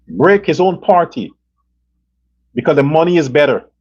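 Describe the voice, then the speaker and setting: A man with a high, husky voice rants in a heated, profane and repetitive way. He hosts a political commentary show. The recording sounds dull and lo-fi. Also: animated, moderate pace. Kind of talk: angry political rant.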